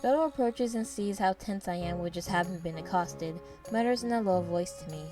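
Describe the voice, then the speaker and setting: A woman's voice: fairly low pitch, a little fast, over music. A woman narrating a first-person story in a descriptive, wry way.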